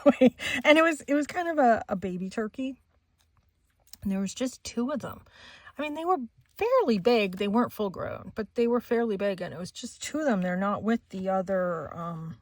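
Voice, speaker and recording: A woman's voice: medium pitch, a little mellow, no echo. A middle-aged woman hosting a crafting channel, chatting casually and laughing often as she tells a story while she works. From Maine, USA.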